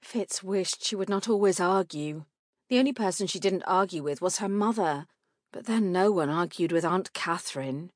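A woman narrating an audiobook in a measured, clear way. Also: lowish voice, no room sound, clean studio sound.

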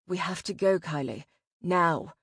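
A gruff wounded demon man, put on by a woman narrator, his rusty voice strained, low and hushed. He talks in short, curt bursts at a slow, deliberate pace, in a dry, close sound. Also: no echo, heavily acted. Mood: urgent.

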